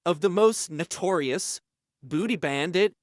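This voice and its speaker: A man telling a deadpan comic prison story in a halting, stammering, self-pitying way. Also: sits high, dry recording, clean studio sound. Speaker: parody interviewee.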